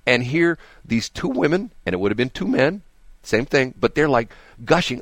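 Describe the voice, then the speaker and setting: A man hosting a radio talk show, talking with a gravelly edge and a voice that swings up and down a lot. The sound is dry and close to the mic, as he rants through his opinions. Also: mid-range voice, normal speed, no room sound. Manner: animated, mocking imitations of others. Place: radio studio.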